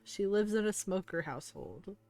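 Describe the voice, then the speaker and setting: A woman narrating as game master of a tabletop game, relaxed and halting, with fillers. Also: mid-range voice.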